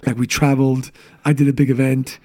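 A man's voice: medium pitch, little pitch movement, a little mellow. A man in his thirties, a business coach, telling candid personal stories in a casual interview chat. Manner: candid, storytelling, quick asides.

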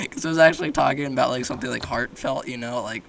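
A man's voice: medium pitch, fairly even intonation, quick pace, creaky, fairly bright tone, a little hiss or hum. A young man hosting a casual podcast chat, rambling and joking with frequent laughter. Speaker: podcast host.

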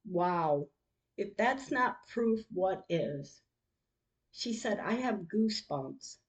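A woman podcaster reads her text messages aloud, slowly and with deep feeling. Her voice sits at an ordinary middle pitch, and her delivery is emotional and heartfelt. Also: lively intonation. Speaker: podcast host.

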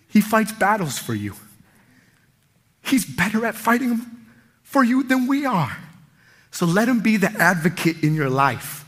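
Pastor, male, bright high voice, energetic emphatic preaching. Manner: energetic, emphatic preaching with sudden loud peaks. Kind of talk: sermon.

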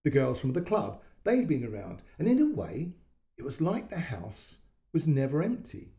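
A man narrating a short story in a calm, measured way, giving voice to the quoted lines. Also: on the high side. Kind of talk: audiobook-style story narration.

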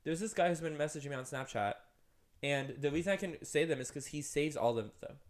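A man's voice: fairly high pitch, fairly quick. A young man co-hosting a podcast, telling a rambling story in casual chat and filling it with "like". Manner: rambling storyteller, heavy use of "like". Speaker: podcast co-host.

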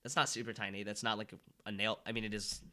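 A man's voice: fairly low pitch, flat delivery, quick pace, bright, forceful tone. A young man co-hosting a podcast, chatting casually about sports with lots of fillers and restarts. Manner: rambling, filler-heavy, restarts. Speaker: podcast co-host.

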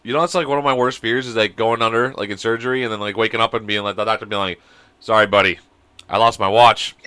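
A man's voice: lowish voice, fairly even intonation, rapid-fire, sharp tone, smooth, no echo. A man co-hosting a podcast over a video call, telling crude stories in casual chat and laughing often. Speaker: podcast co-host.

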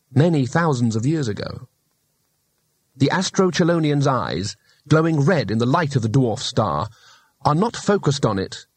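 A man's voice: medium pitch, breathy edge, dry recording. A man narrating an audiobook with dry, wry storytelling.

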